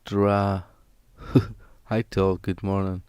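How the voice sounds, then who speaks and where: A man's voice: deep voice, flat delivery, drawn-out words, a little mellow, clean tone, dry recording, clean studio sound. A man hosting a live stream, chatting casually with his viewers in a rambling, jokey way.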